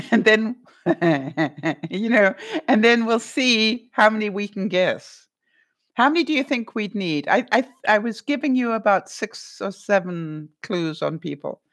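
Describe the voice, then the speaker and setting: A woman's voice: mid-range voice, a little slow. Chatty woman musing to her viewers. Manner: animated, musing aloud with fillers and rhetorical questions. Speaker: vlogger reading viewer comments. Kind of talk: casual livestream chat.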